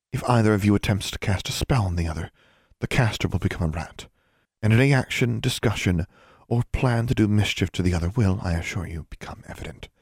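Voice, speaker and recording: A man voicing a cold, stern female school dean who speaks in quiet, menacing, clipped commands. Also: on the low side, husky, no echo, studio quality.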